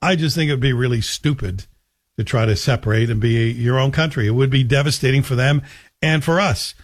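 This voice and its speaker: A man's voice: medium pitch, brisk. A man hosting talk radio, delivering a joking, sarcastic monologue.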